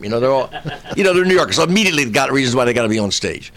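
A man who is a stand-up comedian, telling a story in casual chat, acting out the people in it and shouting some of their lines. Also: medium pitch, very fast. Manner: animated storyteller who acts out voices, shouting in bits.

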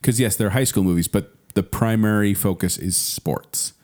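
A man hosting a podcast, chatting casually and explaining at length with quick restarts. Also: on the low side, darkish tone. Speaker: podcast host.

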